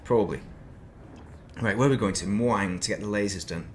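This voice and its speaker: A man's voice: fairly low pitch, a little fast, slight background noise. A man chatting casually while playing a game on stream, rambling between topics with self-deprecating asides at his desk mic. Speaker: gaming streamer.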